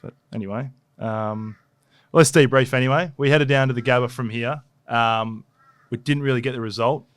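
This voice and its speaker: A man's voice: mid-range voice, normal speed, dry recording. A young Australian man co-hosting a casual sports podcast, telling stories in a laid-back, rambling way. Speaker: podcast co-host and footballer. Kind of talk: casual chat.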